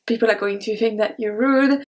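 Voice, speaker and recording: A woman's voice: a little high, normal speed, darkish tone. A woman who speaks natively, teaching in a chatty way and repeating each word for practice. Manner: chatty, explains with examples and repeats words. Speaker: French teacher. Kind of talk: casual video lesson. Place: home in Canada.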